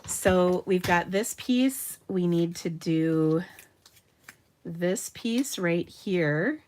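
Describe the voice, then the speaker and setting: A woman's voice: fairly low pitch, extremely slow, a little mellow. A woman from Minnesota hosting a live card-making demonstration from her home craft room, chatting and laughing as she works. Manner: chatty, upbeat, laughs often. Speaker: card-making tutorial host.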